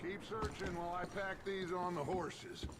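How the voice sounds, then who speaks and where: An actor voicing a commanding outlaw gang leader giving orders in video game dialogue. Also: male voice, high-pitched, fairly even intonation, normal speed, fairly bright tone, slight background noise. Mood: ordering. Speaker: game character.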